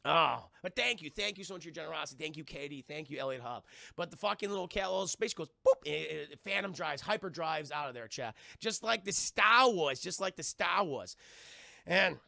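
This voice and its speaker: A man's voice: on the high side, a little fast, vocal fry, bright, forceful tone, dry recording, studio quality. Profane, rambling young man streaming. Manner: profane, rambling, addresses chat often; mimics sounds and thanks viewers. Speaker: streamer reviewing films. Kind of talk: casual live-stream chat.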